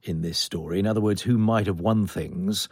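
A man presenting a studio radio discussion, measured and probing with his guests. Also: lowish voice, a little mellow, breathy edge, dry recording. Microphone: studio mic.

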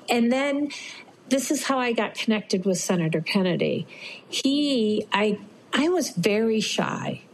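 A woman's voice: mid-range voice, slight background noise, rough recording. A middle-aged woman telling a personal story to an interviewer, acting out what others said. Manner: animated, acts out quoted voices.

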